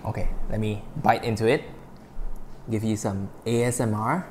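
A man's voice: lowish voice, normal speed, a little hiss or hum. A man hosting a casual cooking podcast, cooking and tasting as he talks and often breaking into delighted exclamations. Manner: excitable, bursts into delighted exclamations. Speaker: cooking show host.

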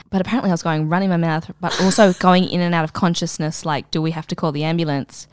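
A woman's voice: fairly low pitch, fast, hardly any pauses, clear, resonant tone, dry recording, clean studio sound. A young woman co-hosting a podcast, telling crude stories in casual chat with lots of laughter. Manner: lively, crude, laughing storyteller. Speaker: podcast co-host.

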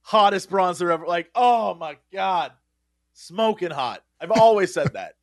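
A man co-hosting a podcast in casual chat, an animated storyteller who laughs often. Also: high-pitched, a little slow, dry recording, studio quality. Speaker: podcast co-host.

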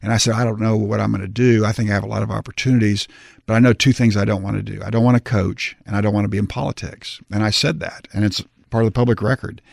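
A man in his sixties answers interview questions in a measured, halting way, pausing often. His low voice is husky and gravelly, with a creaky texture. The recording is dry and close. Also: fairly even intonation, no echo. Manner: measured, halting, many fillers. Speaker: guest, retired athlete turned politician.

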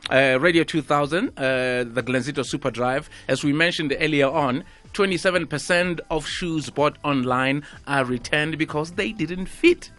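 A man's voice: a little high, moderate pace, hardly any pauses, fairly bright tone. A man hosting a radio show, chatty and upbeat as he interviews a guest. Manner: chatty, upbeat, laughs easily. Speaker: radio host. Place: radio studio.

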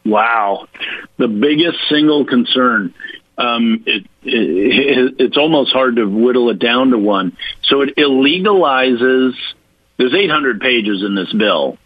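A man's voice: mid-range voice, animated, slightly rough, dry recording. Man guest, emphatic explainer, dull dry radio sound. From Virginia. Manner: emphatic, mocking quoted voices, spells points out slowly. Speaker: political guest. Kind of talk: radio interview, argumentative explaining.

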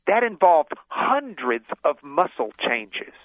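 A man's voice: on the high side, very animated, slow, no room sound. A man who is a guest author on a radio interview, explaining his ideas at length with many restarts. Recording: tinny phone line.

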